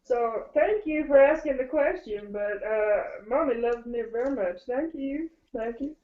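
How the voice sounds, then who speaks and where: A woman's voice: high-pitched, unhurried, narrow, tinny audio. A woman voicing a sweet, pampered little female pet dog who talks in a cutesy, giggly way on a playful online chat show. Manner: cutesy, giggly, devoted to her mommy.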